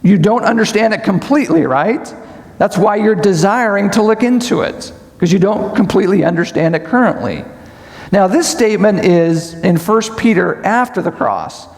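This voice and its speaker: A man's voice: high voice, lively intonation, normal speed, in a large hall. A man preaching a Bible study sermon at a conference, asking the audience questions and explaining step by step. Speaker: conference speaker. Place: large conference hall.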